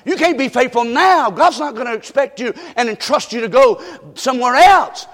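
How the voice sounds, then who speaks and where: A man preaching a sermon, fervent and repetitive, calling out to the congregation and often shouting. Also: very high-pitched, big pitch swings, moderate pace. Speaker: pastor. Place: church sanctuary. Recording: long reverb of a church hall.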